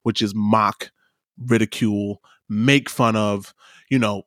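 A man co-hosting a casual political podcast, ranting in an animated, mocking way with stammered restarts. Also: fairly low pitch, slow pace, no echo, clean studio sound. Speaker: podcast co-host.

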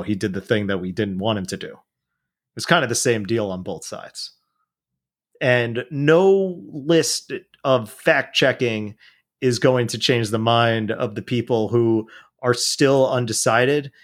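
A man talking politics in a casual chat, blunt and profane, rambling with restarts. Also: mid-range voice.

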